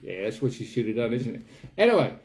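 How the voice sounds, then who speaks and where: A man doing a comic impression of a chatty older New Zealand mountaineer, with a put-on New Zealand accent and halting speech full of fillers. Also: medium pitch, sing-song, darkish tone, voice pushed down. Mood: rambling. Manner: rambling, halting with many fillers. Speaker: guest host in character. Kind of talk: comic impression on a live stream.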